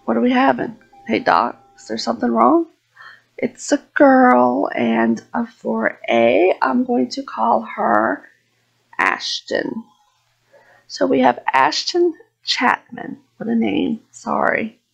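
A woman giving casual Let's Play commentary on a life-simulation game, chatting and voicing her character's reactions in quick asides. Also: on the high side, expressive, gravelly, slightly rough, muffled recording. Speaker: gaming YouTuber.

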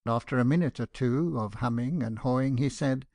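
A man narrating an audiobook in a measured, even storytelling manner. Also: mid-range voice, dry recording, studio quality.

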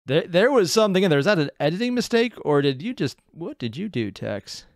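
Animated sarcastic man reacting. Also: fairly high pitch, fairly quick, no echo, studio quality. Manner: animated, sarcastic asides, laughs at own jokes. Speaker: reaction channel host. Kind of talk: casual reaction commentary.

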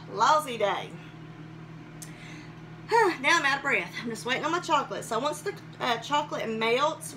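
A woman's voice: sits high, background noise. Chatty woman streaming from her kitchen. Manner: folksy, greets viewers by name, laughs often. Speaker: host of a live cooking stream. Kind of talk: chatty live-stream cooking demo.

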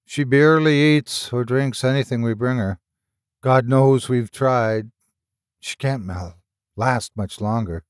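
A man's voice: medium pitch, smooth, no room sound, clean studio sound, close to an everyday voice. A man doing a weary, guilt-ridden man. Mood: subdued. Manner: slow, subdued and halting. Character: weary, guilt-ridden middle-aged man, quietly explaining.

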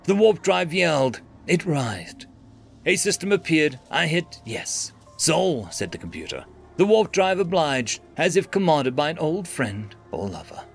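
A man's voice: on the high side, very animated, measured pace, vocal fry, husky, soft background music. A man narrating a scripted science fiction story in a dramatic, dry manner.

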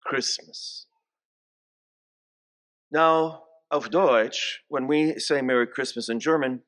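In church, a sixty-something bishop gives a homily with a mid-range voice that's a little bright. He's an unhurried, story-telling preacher, recounting family tales and prompting the congregation to say greetings back.

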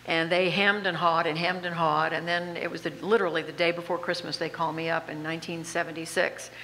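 A woman in her seventies with a slight Southern accent, telling lively, self-deprecating stories as an honored guest on stage. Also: on the low side, fairly quick. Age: 70s. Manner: animated, self-deprecating anecdotes with frequent laughs. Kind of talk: on-stage interview storytelling. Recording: reverberant hall with faint background noise.

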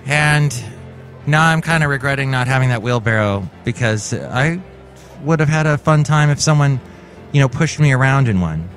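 A man's voice: medium pitch, expressive, normal speed, fairly bright tone, soft background music. A man hosting a comedic solo podcast who talks in a playful, rambling, chatty way. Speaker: podcast host.

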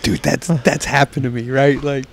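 A man's voice: mid-range voice, moderate pace, creaky, slight background noise. A man with a Texan accent, a pitmaster guest in a casual chat, telling stories, swearing freely and acting out quotes. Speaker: pitmaster and restaurant co-owner, guest.

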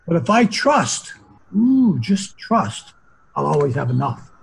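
A man's voice: on the high side, big pitch swings, takes it slowly, creaky, husky, rough recording. An older man, a hypnotherapist guest, talking in a philosophical, rambling conversational way. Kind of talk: casual conversation.

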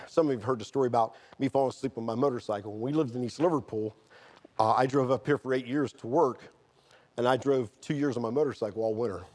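A middle-aged man, preaching a sermon and telling a personal testimony, moving from quiet storytelling to fervent outbursts. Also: mid-range voice. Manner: earnest, swings from quiet storytelling to shouted fervor.

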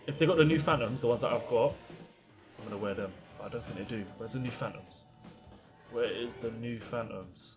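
A young man giving chatty, slangy gameplay commentary as a gaming YouTuber, excitable and given to sudden loud outbursts. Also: mid-range voice, fast talker, dull audio, music in the background.

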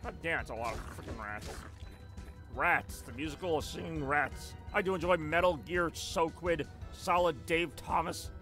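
Guy live streaming a game, kinda high bright voice, rambly and jokey, talking to chat. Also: moderate pace, faint music behind. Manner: rambling, joking, chatting with viewers. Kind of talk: casual live stream gameplay commentary.

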